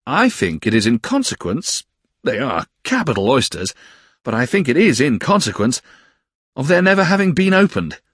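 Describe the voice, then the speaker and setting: Guy putting on a jolly good-humoured young fella, lively and husky. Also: medium pitch, normal speed, no room sound, clean studio sound, voice pushed up, heavily acted. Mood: cheerful. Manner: cheerful, hearty. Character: cheerful good-humoured young man friend.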